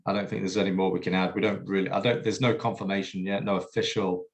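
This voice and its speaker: A man's voice: low voice, little pitch movement, fast talker, gravelly. A man co-hosting a casual podcast chat, hesitant with many fillers and restarts. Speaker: podcast co-host.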